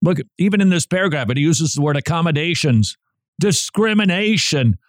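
A man hosting a talk radio show, speaking emphatically and sarcastically, with sudden jumps up in pitch for stress. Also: lively intonation, moderate pace, dry recording, studio quality. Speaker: radio host.

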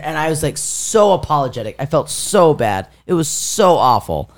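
Animated man telling a story. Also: fairly high pitch, moderate pace, vocal fry. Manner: animated, acts out quoted voices, laughs mid-story. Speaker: podcast co-host. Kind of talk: casual storytelling chat.

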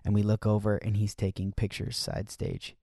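A man's voice: fairly low pitch, completely flat delivery, moderate pace, warm tone, no echo, clean studio sound. A man telling touring stories in casual chat, rambling with lots of fillers. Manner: rambling with many fillers and restarts.

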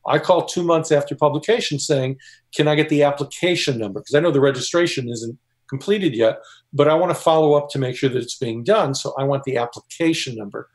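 A man's voice: mid-range voice, fairly quick. A man co-author on a discussion panel, explaining steps and telling anecdotes.

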